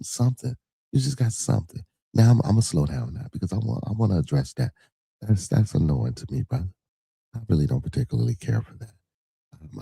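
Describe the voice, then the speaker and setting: Low, gravelly and warm, slightly rough, a man's voice on a dry recording belongs to a podcast host answering chat in a casual livestream. He rambles, leans on fillers, and swears bluntly.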